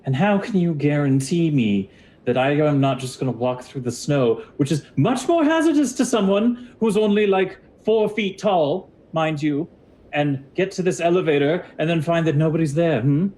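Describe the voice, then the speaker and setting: A man's voice: on the high side, lively intonation, moderate pace, darkish tone, a little hiss or hum, pitched above the performer's own voice, natural voice. A man voicing a pompous, four-foot-tall male lizard wizard who leads a band, talking grandly and theatrically. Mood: suspicious.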